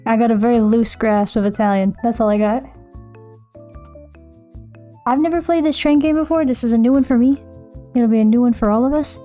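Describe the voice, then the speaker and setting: A woman's voice: fairly high pitch, brisk, pauses often, mellow, faint music behind. A young American woman chatting casually with her live-stream viewers, bubbly and self-mocking. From United States.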